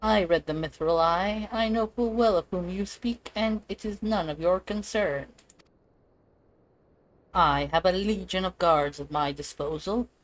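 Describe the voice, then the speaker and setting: A woman's voice: fairly low pitch, a little slow, a little hiss or hum, close to an everyday voice, poor audio. A woman voicing a cold, haughty noblewoman collector, reading game dialogue live in an imperious, scornful way.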